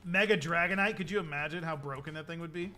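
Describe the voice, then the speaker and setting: Young streamer dude rambling and getting excited, bright voice, faint music behind. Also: male voice, fairly high pitch, quick pace. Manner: excitable, rambling, laughs often. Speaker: livestream host. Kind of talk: casual stream chat.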